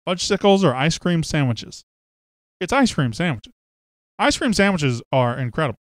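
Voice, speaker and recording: A man's voice: a little high, sing-song, moderate pace, dry recording, clean studio sound. A man hosting a casual sports podcast, reading listener comments aloud with a joking, chatty manner. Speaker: podcast host.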